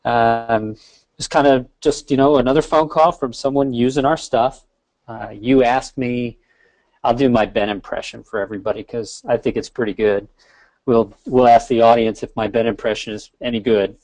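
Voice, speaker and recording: A man who is a guest on a webinar, chatting casually as a relaxed, friendly storyteller who jokes along. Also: medium pitch, moderate pace, dry recording. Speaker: software founder guest.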